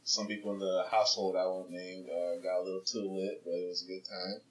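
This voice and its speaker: A young man co-hosting a podcast, talking in a relaxed, easygoing, friendly way. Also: sits low, brisk, a crowd in the background. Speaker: podcast co-host. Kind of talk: casual chat.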